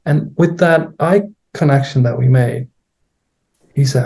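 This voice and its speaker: A middle-aged man with a gravelly, dark and mellow voice tells how a therapy session went. He searches for words as he goes and plays out the lines spoken in the session. He is a guest trainer in a conversation. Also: medium pitch. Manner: unhurried, searching for words, acting out his own and a client's lines. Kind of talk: recounting a therapy case in conversation.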